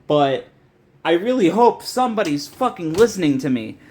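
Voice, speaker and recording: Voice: medium pitch, sing-song, moderate pace, darkish tone, slight background noise. A young adult video essayist ranting in a frustrated, profane, rambling way, with many restarts. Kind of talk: ranting commentary.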